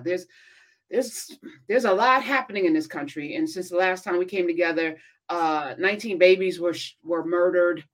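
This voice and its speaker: A woman's voice: fairly low pitch, normal speed. A woman in casual conversation, reflective and earnest, often quoting her own thoughts and asking questions.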